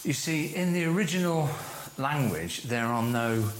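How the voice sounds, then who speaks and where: A man leading a church course, giving a teaching talk to a group and slowing down to stress key phrases. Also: medium pitch, animated, slight background noise. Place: room with a live audience. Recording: echoey room.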